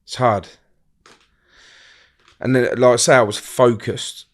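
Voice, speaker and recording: A middle-aged man telling a personal story in a blunt, halting way, often restarting his sentences and acting out other people's words. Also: medium pitch, steady tone. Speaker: guest.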